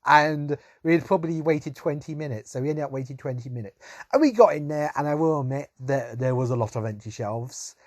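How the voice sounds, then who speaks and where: A young man telling a rambling story to camera, laughing often and trailing off quietly. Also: on the high side, a little fast, no room sound, clean studio sound. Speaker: vlogger.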